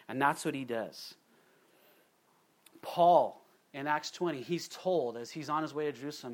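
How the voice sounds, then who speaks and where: A middle-aged man preaches from the pulpit in a lively, animated way. He slips into little voices for the quotes he acts out, and his voice sits a little higher than most men's. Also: measured pace, long pauses. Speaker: pastor. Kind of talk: sermon.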